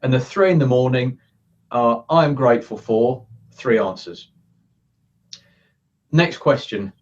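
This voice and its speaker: A man's voice: medium pitch, lively intonation, unhurried, pauses often. A man speaking as a coaching guest in a casual interview from his office, earnest and acting out the thoughts he quotes. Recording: distant, muffled sound.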